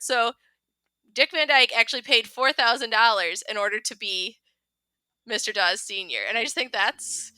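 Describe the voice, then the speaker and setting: A woman's voice: fairly high pitch, normal speed, bright, forceful tone, dry recording. A woman guest on a movie podcast, telling stories with enthusiasm and frequent giggles. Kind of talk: casual movie podcast chat.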